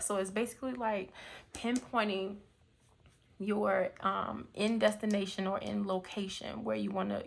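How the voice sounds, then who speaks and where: A woman's voice: mid-range voice, gravelly, a bit bright. A woman giving a casual tarot reading, rambling and searching for words with many fillers. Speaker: tarot reader.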